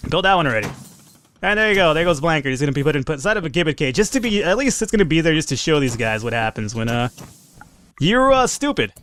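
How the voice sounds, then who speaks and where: A man commentating his own gameplay in a let's play, excitable, swearing and laughing at his own mistakes. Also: a little high, very fast, slight background noise. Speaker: gaming commentator.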